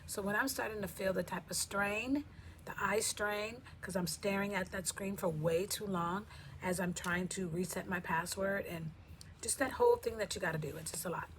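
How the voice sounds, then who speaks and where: A woman's voice: medium pitch, normal speed, slight background noise. A woman vlogger talking casually to camera, chatty and playful. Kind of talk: casual talk to camera with skits.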